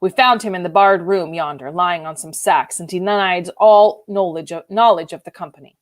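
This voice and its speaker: A woman's voice: lowish voice, normal speed, close to an everyday voice. A woman doing an earnest old country squire. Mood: insistent. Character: gruff middle-aged country squire, earnest.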